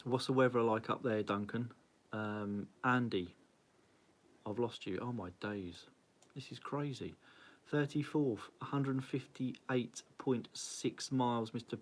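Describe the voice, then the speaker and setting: A man's voice: medium pitch, fairly even intonation, slow. A man hosting a casual live-stream rundown of a cycling club's leaderboard, cheery and chatty, greeting viewers by name and laughing at his own slips. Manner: flustered, self-mocking. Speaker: cycling club host.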